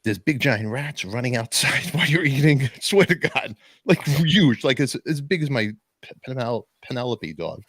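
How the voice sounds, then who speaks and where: A man's voice: mid-range voice, normal speed, no echo, studio quality. A man, hosting a podcast and telling a long story in casual chat, acting out the other people's voices as he goes. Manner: animated storyteller, acts out voices in quotes. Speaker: podcast host.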